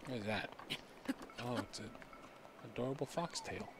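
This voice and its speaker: A man gives easygoing, playful commentary while he plays a game, tossing out jokes and asides to himself. His voice sits at an ordinary middle pitch. The game's sound runs clearly underneath his talk. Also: normal speed, noisy background. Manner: playful, jokey, talks to himself while playing. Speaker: gaming streamer. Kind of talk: casual let's-play commentary.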